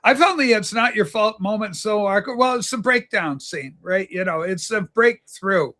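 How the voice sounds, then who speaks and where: A man's voice: high voice, moderate pace, bright, forceful tone. A man hosting a casual group video call, playful and teasing as he jokes with guests. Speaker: host.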